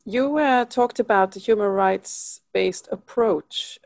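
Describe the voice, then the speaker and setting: A woman's voice: medium pitch, slow pace, creaky, no echo. A woman interviewer asking a polite question, a little hesitantly.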